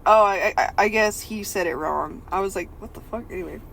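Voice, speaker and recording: A woman's voice: mid-range voice, brisk, creaky, a bit bright, slight background noise. A young woman co-hosting a podcast, reading a novel aloud and breaking off with giggly, joking asides. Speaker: podcast co-host.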